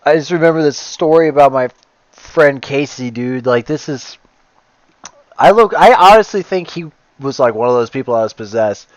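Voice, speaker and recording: A man cutting in loudly and eagerly to start his own story in a casual chat. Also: medium pitch, lively intonation, normal speed, no room sound, dull audio.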